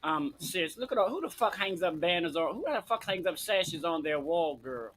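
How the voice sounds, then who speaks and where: A man's voice: fairly high pitch, expressive, moderate pace, a bit bright, slight background noise. A man hosting a live online talk show, camp and profane, teasing his guests sassily into a home webcam. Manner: camp, profane, teasing, heavy on "bitch" and "honey". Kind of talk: brash, sassy live chat.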